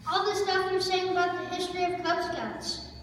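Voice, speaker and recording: A woman's voice: very high voice, little pitch movement, moderate pace, fairly bright tone. A woman playing an earnest young scout boy. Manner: polite, insistent correcting. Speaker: skit performer. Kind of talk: amateur stage skit. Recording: echoey hall from far off.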